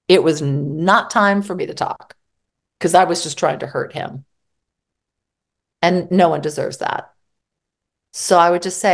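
As a guest psychologist and therapist, the middle-aged woman talks unhurriedly in a fairly low voice, pausing often. Her relationship advice is candid and mildly profane, and she tends to voice both sides of a dispute.

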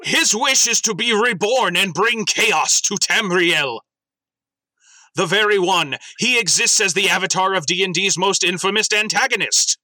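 Bright-voiced man reading comic submissions. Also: high voice, moderate pace, no echo. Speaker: podcast host reading listener submissions. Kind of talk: casual chat and comic dramatic reading.

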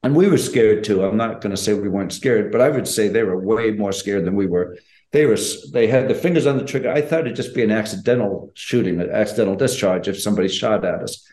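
A man's voice: lowish voice, darkish tone. Earnest older man in a roomy space. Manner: measured, earnest, plainspoken. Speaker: guest, former special forces operator. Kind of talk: storytelling in an interview. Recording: roomy echo.

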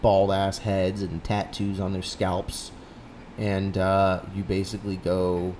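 A man's voice: low voice, completely flat delivery, slow pace, darkish tone, a little hiss or hum. A young man co-hosting a casual podcast, joking crudely and slipping into silly voices. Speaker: podcast co-host. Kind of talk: casual chat.

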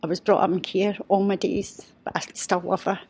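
A woman, a podcast guest telling a personal story in a heartfelt, halting way. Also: medium pitch, level tone, a little mellow, breathy edge. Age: 50s.

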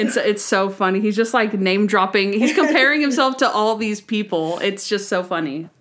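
With a mid-range voice, she talks fairly quickly and hardly pauses as a podcast co-host recapping a TV episode. After narrating the episode summary, she launches into an animated, casual chat about it, acting out quotes and laughing frequently.

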